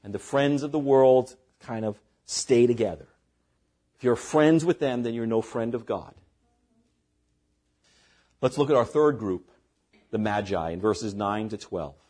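A man's voice: mid-range voice, a little slow, long pauses, mellow. A man preaching a sermon as pastor, reading scripture aloud and breaking in with short asides to the congregation.

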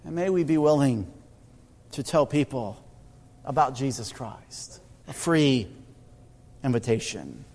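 A male pastor telling stories in a sermon, often halting and repeating words. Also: mid-range voice, lively intonation, a little mellow, big-room sound. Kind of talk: sermon storytelling.

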